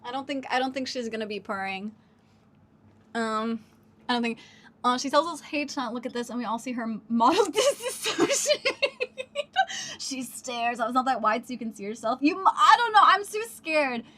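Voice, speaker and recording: A woman's voice: fairly high pitch, lively intonation, normal speed, pushed and bright. A woman streaming live from home on a wireless mic, chatting casually and giggling as she coos baby talk to her cat.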